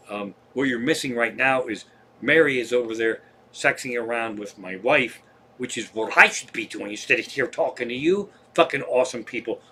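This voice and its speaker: A man's voice: medium pitch, sharp tone, a little hiss or hum. A man, a comedian, telling rambling, profane travel stories on a livestream from home. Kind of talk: casual stand-up storytelling.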